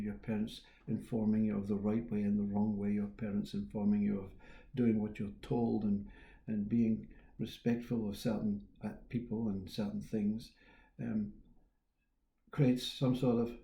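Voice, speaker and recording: A man gives a slow, reflective spiritual talk with a very dark, mellow tone. His voice has a gravelly fry, and he muses aloud, trailing off and restarting. The sound carries a roomy echo. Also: fairly low pitch. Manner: unhurried, musing, trailing off and restarting, quiet chuckles. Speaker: spiritual teacher.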